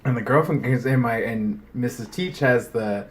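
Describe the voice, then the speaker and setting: A man's voice: mid-range voice, normal speed, a little hiss or hum. A man co-hosting a casual podcast, telling a story with lots of swearing and acting out the people in it. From United States. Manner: animated storytelling, acts out quoted people, swears freely. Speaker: podcast co-host. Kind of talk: casual chat.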